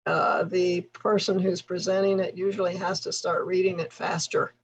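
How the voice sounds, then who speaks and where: A woman leading a tutor training workshop, explaining things patiently with occasional soft laughs. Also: fairly low pitch, little pitch movement, moderate pace, a little hiss or hum, rough recording. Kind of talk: workshop instruction.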